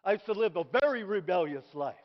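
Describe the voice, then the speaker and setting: A middle-aged man preaching a sermon in an animated way, dropping to soft asides and rising to shouted praise. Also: high voice, quick pace. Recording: dull recording in a reverberant hall.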